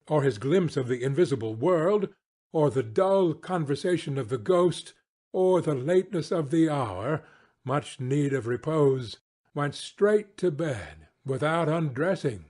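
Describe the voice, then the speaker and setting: A man reading a classic ghost story aloud as scripted narration for English learners, in a slow, measured way. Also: a little high, a little mellow.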